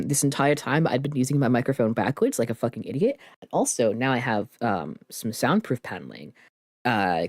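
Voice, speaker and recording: A woman's voice: rumbling low, a little mellow, no echo, studio quality. A woman streamer chatting casually, rambling and self-deprecating, swearing now and then. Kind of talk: casual chat.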